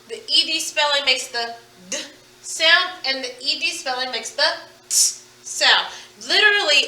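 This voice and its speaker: Female teacher, patient phonics drill; high, bright voice, recorded from a distance. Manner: patient, drills words slowly and asks questions. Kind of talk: phonics lesson. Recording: echoey room, away from the mic.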